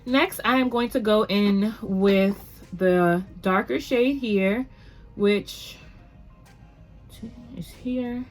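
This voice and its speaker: A woman's voice: medium pitch, very slow, faint music behind. A woman hosting a casual makeup tutorial at home, chatty and upbeat, rambling a little with fillers as she talks to the camera. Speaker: beauty vlogger.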